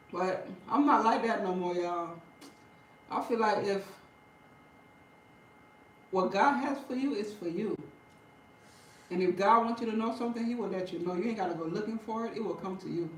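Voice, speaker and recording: A woman chatting casually with her viewers, telling stories in an animated way, laughing and breaking into loud bursts. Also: mid-range voice. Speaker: vlogger talking to viewers. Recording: roomy and distant from the mic.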